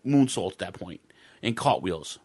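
A man's voice: low voice, expressive, normal speed, a little mellow, slightly rough. A man telling a long, rambling story in casual talk, often restarting and swearing, heard through a home microphone over a video call. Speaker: podcast guest telling a wrestling fan story.

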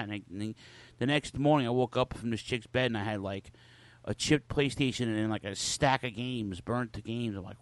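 A man's voice: medium pitch, brisk, no room sound. Podcast host, man, forties, foul-mouthed storyteller, dry close-mic sound. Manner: profane, loose storytelling with lots of cursing. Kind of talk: casual chat.

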